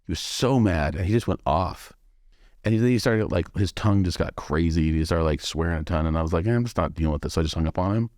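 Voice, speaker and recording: Guy hosting a podcast, low voice, talks fast, animated storyteller. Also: no room sound, studio quality. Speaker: podcast host. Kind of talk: casual interview chat.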